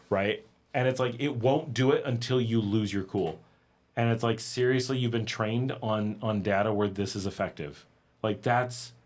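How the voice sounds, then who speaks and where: A man hosting a casual livestream, talking in a conversational, animated way and acting out exasperated quotes. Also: fairly low pitch. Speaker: livestream host. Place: home in Nicaragua.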